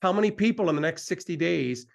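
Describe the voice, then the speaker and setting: A middle-aged man hosting a live presentation, delivering an excitable, repetitive sales pitch and hyping himself up as he goes. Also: quick pace, creaky.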